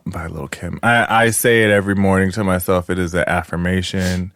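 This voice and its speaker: A man's voice: deep voice, fairly even intonation, a little fast, a bit bright, no echo, studio quality. A man co-hosting a podcast in casual chat, playful and riffing on catchphrases. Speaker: podcast co-host.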